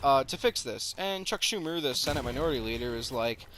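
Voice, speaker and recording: A man's voice: medium pitch, expressive, a little fast, a bit bright, slight background noise. A man ranting in an exasperated, sarcastic, profane way over gameplay footage, as the creator of the video.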